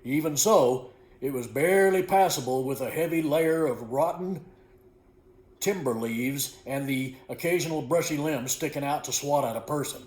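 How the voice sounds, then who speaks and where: A man reads his own storybook in a folksy, unhurried voice that sits a bit high for a man. He stumbles now and then and corrects himself. The recording carries a noticeable room echo. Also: a little mellow. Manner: folksy, unhurried, with small slips corrected as he goes. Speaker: author reading his own book. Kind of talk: storybook narration. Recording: echoey room.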